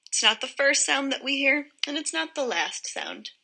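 A woman teaching a phonics lesson to young children, modelling each word sound slowly and clearly. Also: sits high, huge pitch swings, pushed and bright, low-quality recording.

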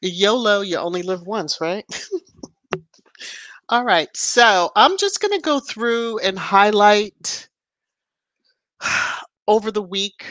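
A woman's voice: mid-range voice, animated, takes it slowly, pauses often, no room sound. Lady doing a livestream, takes her time, says hi to everyone in chat by name, dry close sound, little bit of music under her. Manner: greets viewers one by one by name, bright upward lifts on greetings. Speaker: livestream host. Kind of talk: casual live chat with viewers. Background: soft background music.

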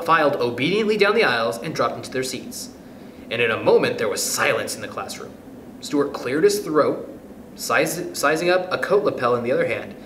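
A man reading a children's book aloud, expressive and animated. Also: medium pitch. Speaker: storyteller. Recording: roomy echo, faint noise.

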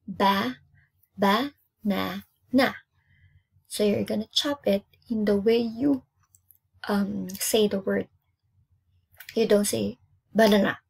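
Teacher, female, from Indonesia: slow, gravelly, drills words and claps out syllables. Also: medium pitch. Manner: slow, repeats each word twice and counts out syllables. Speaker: English teacher. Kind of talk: classroom lesson, spelled-out syllables.

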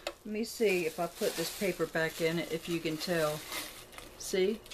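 A woman with a somewhat low voice talks casually to a camera set up on a tripod in her home, rambling and thinking aloud as she shows off her shopping haul. The recording carries a steady, clearly audible noise in the background. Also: unhurried. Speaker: vlogger showing a shopping haul. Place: indoors at home, room with a closet.

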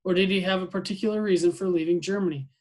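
Man reading a stern commandant, slow pointed questions, mid-high voice. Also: fairly even intonation, darkish tone, lightly acted. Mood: probing. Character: stern senior male commandant, probing and menacing.

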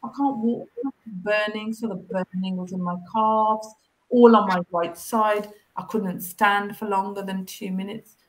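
A woman telling her recovery story in a casual interview, acting out past conversations with lively changes of voice, heard over a video call. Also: mid-range voice, measured pace. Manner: animated, acts out past conversations.

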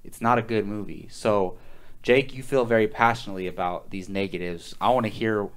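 A man with a lowish voice hosts a casual movie podcast. He talks loosely, with plenty of fillers, and steers the conversation. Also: steady tone, a little fast, clear, resonant tone. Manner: conversational, leads the discussion, fillers. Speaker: podcast host.

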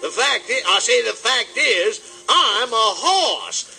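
A boastful, drawling rooster for a 1950s children's record, booming and repeating himself. His voice is high and swoops wildly, with music playing behind. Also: sing-song, slow pace, vocal fry, heavily acted. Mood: blustering. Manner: drawling, self-satisfied, bossy. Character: blustering big southern rooster, boastful, folksy.

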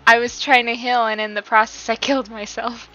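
A woman's voice: a little high, level tone, a little fast, sharp tone. A young woman casually commenting on her game, giggly and self-deprecating as she talks to herself. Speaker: gaming YouTuber. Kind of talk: casual let's-play commentary with dialogue read-alouds. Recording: slightly dull home mic with game music behind.

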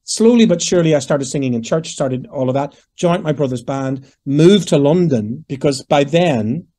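A Northern Irish man in his fifties, a singer answering interview questions in a lively, storytelling way and acting out the voices of people he quotes. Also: a little high, moderate pace. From Northern Ireland. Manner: animated, digressive, acts out quoted voices. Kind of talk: conversational storytelling.

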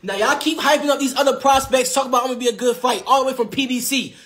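A young boxer on a social media live stream trash-talks his rivals over his phone, brash and taunting, laughing mid-sentence and repeating himself. His voice is extremely high-pitched and fairly bright, and he talks quickly.

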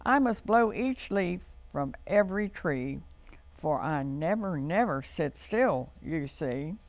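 A woman's voice: sits low, expressive, slow, no echo, exaggerated voice. A woman doing a sing-song boastful March wind.

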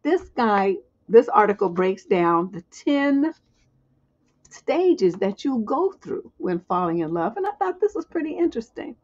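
A woman relationship coach talking casually to a live audience, animated and chatty, acting out little skits. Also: medium pitch, measured pace. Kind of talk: casual livestream talk. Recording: dull muffled sound.

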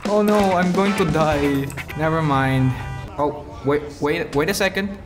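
Excitable young man narrating gameplay. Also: on the high side, a little slow. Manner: excitable, loud outbursts and frequent laughs. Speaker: gaming YouTuber. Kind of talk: gameplay commentary. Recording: voice with loud game music behind.

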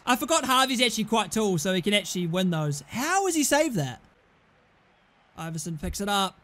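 A young British man giving live, excitable commentary over a football video game, swearing and shouting at his computer teammates. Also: high voice, moderate pace. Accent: British English. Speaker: gaming YouTuber.

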